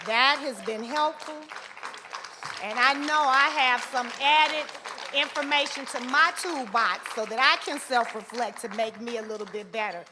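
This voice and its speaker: A woman's voice: on the high side, a little slow, a crowd in the background, noisy background. A woman emceeing a church women's conference in a church hall, rallying the audience in an upbeat way as she introduces the next speaker. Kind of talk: church event hosting.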